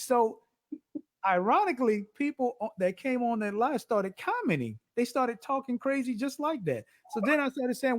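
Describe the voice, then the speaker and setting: A man guest telling stories in a goofy, dramatic way, deliberately speaking higher than his natural voice. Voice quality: deliberately raised speaking pitch. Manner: animated, goofy, dramatic storytelling. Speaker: guest songwriter and live-stream host. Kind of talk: casual interview chat.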